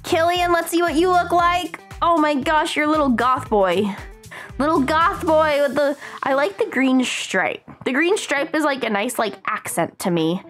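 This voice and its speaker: A woman's voice: high voice, expressive, moderate pace, fairly bright tone, faint music behind. A woman hosting a casual live stream, chatting in a bubbly, gushing way with lots of slang. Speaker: streamer host.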